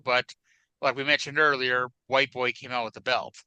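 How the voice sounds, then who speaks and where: A man's voice: mid-range voice, steady tone, moderate pace, sharp tone, clear, resonant tone, no room sound, rough recording. A man co-hosting a wrestling podcast in casual chat, wry and chatty with hedging asides, on a close mic. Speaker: podcast co-host.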